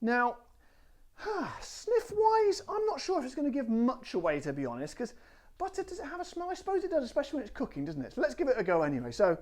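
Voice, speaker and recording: A man's voice: extremely high pitch, wildly swooping pitch, quick pace, a little mellow. A man hosting a gin review show, talking to camera with theatrical, exuberant emphasis. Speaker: gin reviewer and channel host. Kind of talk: presenting a product review to camera.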